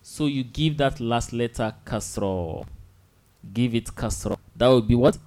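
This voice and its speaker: A man teaches a beginner Arabic class at an unhurried pace, his voice sitting at an ordinary middle pitch. He repeats short phrases patiently and prompts his students to say them back. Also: warm tone. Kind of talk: online language lesson.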